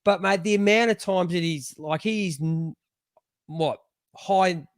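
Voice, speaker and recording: An Australian man co-hosting a casual football chat, blunt and halting as he circles back over his words. His voice sits slightly high and sounds dry and close. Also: dry recording. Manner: blunt, halting, repeats words, says "mate". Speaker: podcast co-host.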